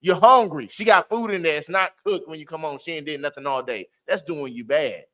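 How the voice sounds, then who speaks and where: A man teaches a Bible class in loose street slang, sliding into animated, preachy exclamations. His voice sits fairly high and rings bright and forceful. He talks to the group directly and keeps the energy up. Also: brisk.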